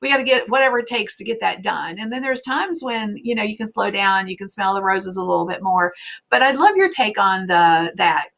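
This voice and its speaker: A woman hosting a casual interview, chatty and given to asides, often trailing off softly at the end of a thought. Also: mid-range voice, animated, fairly quick, creaky. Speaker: host.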